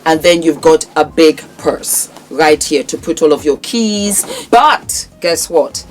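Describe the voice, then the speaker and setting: Woman vlogger, low register, warm sales patter full of endearments, faint background music. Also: expressive, slow. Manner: warm, affectionate, calls viewers darling; emphatic, repetitive sales patter. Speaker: vlogger presenting her own brand. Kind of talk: product showcase to camera.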